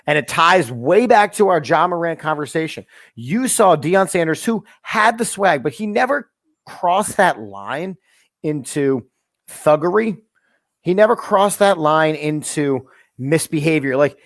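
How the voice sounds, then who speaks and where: A man co-hosting a casual sports talk show, giving blunt opinions in an animated way. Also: fairly high pitch, no room sound, clean studio sound.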